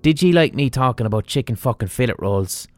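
A man's voice: mid-range voice, animated, fairly quick, soft background music. Sweary Irish man ranting. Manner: sweary, exasperated ranting with rhetorical questions. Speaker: podcast host. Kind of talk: solo comedic podcast rant.

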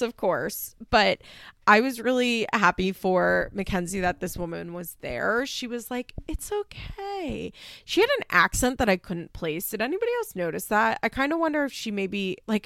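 A woman hosts a laid-back recap chat from her home, rambling with plenty of "like" fillers and the odd swear word. Her voice has a strong gravelly fry at the ends of her phrases. The sound is dry and close, with no room echo. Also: medium pitch, big pitch swings, moderate pace, fairly bright tone. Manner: chatty, swearing, frequent "like" fillers and laughs. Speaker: podcast host recapping a reality show. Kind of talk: casual chat.

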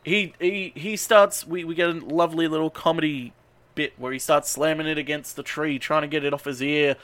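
A man on a podcast recapping a movie in casual chat, animated and swearing freely with rambling asides. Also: on the high side, fairly quick, no room sound. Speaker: podcast co-host recapping a film.

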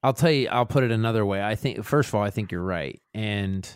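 A man's voice: on the low side, fairly quick, smooth, dry recording, clean studio sound. A man co-hosting a podcast, talking in a rambling, self-reflective way with many restarts. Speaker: podcast co-host. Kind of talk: casual chat.

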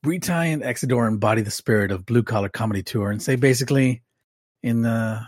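Husky-voiced man reading a recap. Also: mid-range voice, a little fast, darkish tone, dry recording, studio quality. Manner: joking, wry asides while reading. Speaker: podcast co-host. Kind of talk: casual chat reading a recap aloud.

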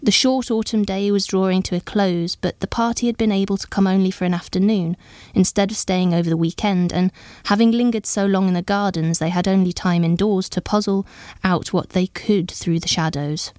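A woman narrating a story in a measured, even storytelling manner. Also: medium pitch, dry recording, studio quality. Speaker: audiobook narrator.

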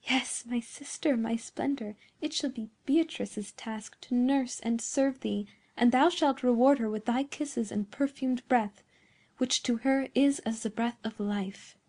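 Rich-toned young daughter in a storybook reading, lifted and eager, high-pitched, as the narrator puts her on. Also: animated, moderate pace, hardly any pauses. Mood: tender. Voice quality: rich, youthful tone. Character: rich-voiced young woman, devoted to her plants.

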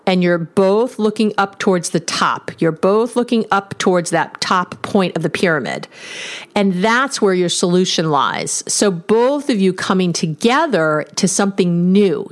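A woman giving relationship advice on a podcast, talking emphatically and acting out sample phrases. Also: lowish voice. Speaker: relationship coach. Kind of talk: solo podcast advice talk.

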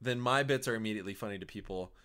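A man's voice: on the low side, very fast, fairly bright tone, clear, resonant tone. A man co-hosting a podcast in casual comedic chat, building on jokes and explaining them at length. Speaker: podcast co-host and editor.

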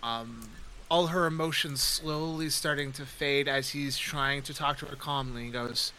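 A man's voice: mid-range voice, fairly even intonation, unhurried, bright, forceful tone, a little hiss or hum, rough recording. A man playing a tabletop game, narrating his character's actions with stumbling restarts. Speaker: player.

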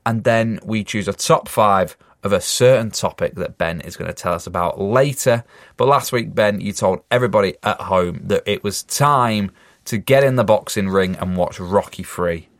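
A man's voice: on the low side, moderate pace, no echo, studio quality. A man hosting a podcast, giving upbeat, presenter-like introductions. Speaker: podcast host. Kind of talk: casual podcast chat.

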